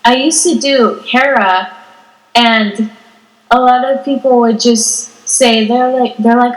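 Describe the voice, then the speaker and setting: A woman's voice: on the high side, fairly even intonation, slow, roomy sound, low-quality recording. A teenage girl co-hosting a podcast, chatting casually and giggling as she acts out what people said. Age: teens. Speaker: podcast co-host. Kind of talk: casual chat.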